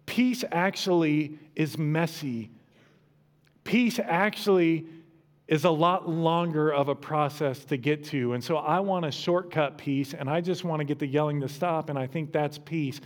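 A middle-aged pastor delivers a sermon in a fairly high voice. His tone stays conversational and casual. Now and then he pushes into emphatic peaks. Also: a little slow. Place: church.

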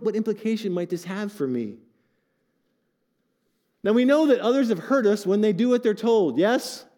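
An older man preaching a sermon to his congregation, animated and joking with asides. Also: high-pitched, in a large hall. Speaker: pastor.

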